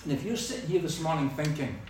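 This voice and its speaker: This is a fast-talking Scottish pastor with a fairly high voice, preaching and telling stories with humor and lively energy. A faint hiss or hum accompanies the far-off, echoey hall recording.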